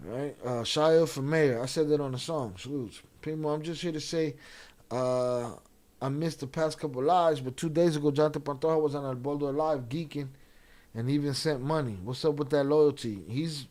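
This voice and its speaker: A man's voice: on the high side, normal speed, a little mellow. A man hosting a live stream, casually commenting and reading chat aloud in a blunt, profane way. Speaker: live-stream reaction host.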